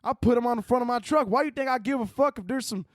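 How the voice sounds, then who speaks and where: A man's voice: very high voice, fast talker, no echo, studio quality, voice pushed up. A man voicing a crude, boastful Southern redneck with a put-on Southern US accent, drawling and profane. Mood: swaggering.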